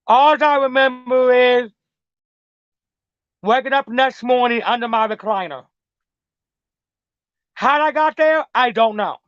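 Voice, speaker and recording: A woman's voice: on the high side, slow, long pauses, dry recording. Middle-aged woman, interview guest, rambling casual storytelling, cusses freely, muffled lo-fi sound. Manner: rambling, repetitive, swears freely. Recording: dull lo-fi dry recording.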